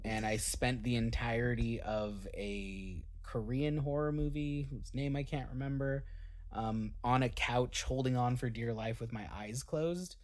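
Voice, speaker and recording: A man, a band member on a casual podcast, telling stories in a joking, self-deprecating way with lots of fillers. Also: mid-range voice. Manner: self-deprecating, quick jokes, filler-heavy.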